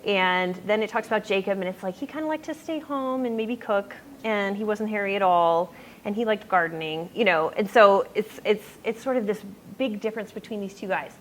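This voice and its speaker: A woman's voice: medium pitch, a little fast, slight background noise, poor audio. Chatty young woman giving a youth talk. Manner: chatty, with frequent fillers and tangents. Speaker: youth speaker. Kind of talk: casual youth sermon. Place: youth group room.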